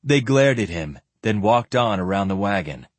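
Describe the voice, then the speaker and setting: A man narrating a fantasy novel aloud in an expressive storytelling manner. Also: lowish voice, normal speed, no room sound. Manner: expressive, even-paced storytelling. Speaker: audiobook narrator. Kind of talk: scripted narration.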